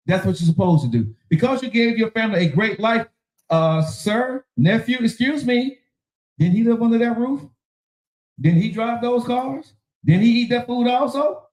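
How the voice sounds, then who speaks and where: A man's voice: high voice, a little mellow. Emphatic, slangy man in an echoey room. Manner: preachy, emphatic, slangy, laughs often. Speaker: podcast host. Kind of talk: casual relationship talk.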